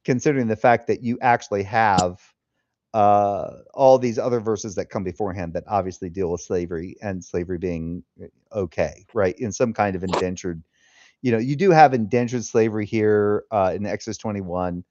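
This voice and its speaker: A man hosting a casual live stream, an animated storyteller who acts out the quotes he tells, talking into a headset. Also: on the low side, moderate pace, dry recording. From California. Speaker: host. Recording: dull dry headset sound.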